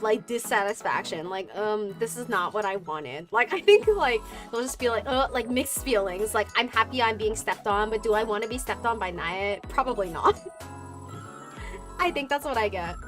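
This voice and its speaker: A young adult woman streaming as a VTuber, chatting casually with her viewers in a rambling way, full of "like" fillers and giggles, with some vocal fry. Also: fairly high pitch, a bit bright. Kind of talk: casual chat reading viewer comments.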